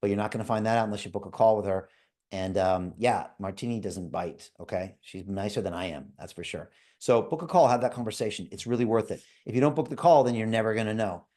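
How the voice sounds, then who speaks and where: A middle-aged man hosting a live online call, making an urgent, repetitive sales pitch and checking in with "okay?" and "right?". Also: fast, dark tone. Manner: urgent, repetitive tag questions. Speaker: livestream host selling a crypto course.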